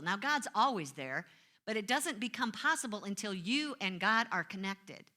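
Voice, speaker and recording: Middle-aged woman minister, bright clear tone, chatty sermon, pokes fun at herself. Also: medium pitch, sing-song, normal speed. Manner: conversational, self-mocking storytelling with acted-out complaints.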